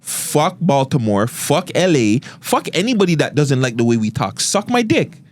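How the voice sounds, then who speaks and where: A man's voice: on the high side, big pitch swings, moderate pace. A man with a Toronto accent hosting a podcast, arguing in a blunt, emphatic, profane way. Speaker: podcast host. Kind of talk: heated podcast debate.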